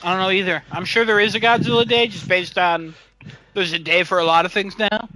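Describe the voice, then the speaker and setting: A man co-hosting a podcast in casual chat, excitable and swearing freely. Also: high voice, fairly quick, rough recording. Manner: excitable and profane. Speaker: podcast co-host.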